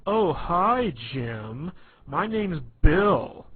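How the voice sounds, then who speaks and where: A man voicing a sarcastic-sounding fellow with a drawn-out, exaggerated delivery, recorded on a tinny phone-like line. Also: sits high, very animated, breathy edge, voice pushed up, heavily acted. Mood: mock sarcastic. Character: adult man who sounds sarcastic, earnestly indignant. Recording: tinny phone-like with faint hiss.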